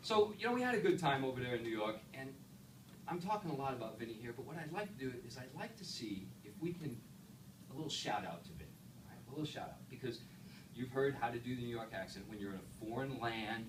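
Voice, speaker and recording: A man's voice: medium pitch, big pitch swings, fast talker. A man giving a humorous storytelling speech to an audience, chatty and checking in with his listeners. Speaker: Toastmasters speaker. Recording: echoey room, far mic, background noise.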